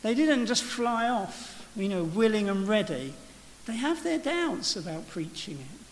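This sermon comes from a man with a high, very animated voice who keeps a measured pace. He reflects as he goes, frequently restarting and dropping "you know." Faint hiss and church-hall reverb color the audio.

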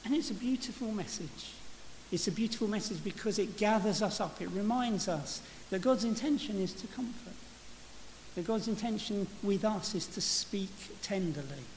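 A man's voice: sits high, animated, normal speed. A man preaching a sermon in a church, speaking reflectively and often restarting his phrases. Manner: reflective, with frequent restarts and "you know". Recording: reverberant church hall with faint hiss.

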